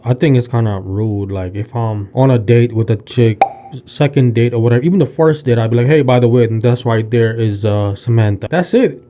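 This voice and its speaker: A man's voice: medium pitch, moderate pace, mellow. A man giving blunt, profane reaction commentary and talking straight to his viewers. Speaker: reaction host.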